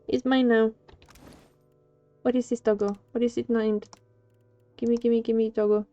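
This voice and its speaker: Talking at normal speed with long pauses and a dark tone, this game streamer playfully chats with viewers and gushes over cute things, sometimes putting on squeaky cute voices. The sound is dry and a bit dull, lo-fi, with faint music behind.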